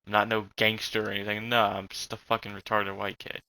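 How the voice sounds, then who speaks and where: A man's voice: lowish voice, completely flat delivery, a little fast, pushed and bright, smooth, rough recording. A young man with a slight Southern accent, ranting in a rambling, profane way while he plays a game. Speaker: vlogger. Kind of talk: rambling casual rant.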